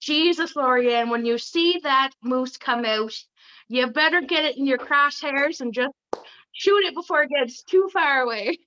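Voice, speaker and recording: A pushy Newfoundland moose-hunting guide, put on by a woman in a mock accent that wanders toward Cape Breton and Irish. The voice sits high and bright. The audio is slightly dull and lo-fi. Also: unhurried. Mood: urging. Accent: Newfoundland mixed with Cape Breton and Irish.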